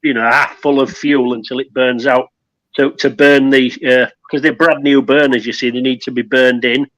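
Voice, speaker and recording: A man's voice: mid-range voice, little pitch movement, moderate pace, fairly bright tone, no room sound, highs cut off. A man from England talking casually on his phone, explaining how to use his heater kit step by step. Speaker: guest survivalist. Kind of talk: casual chat.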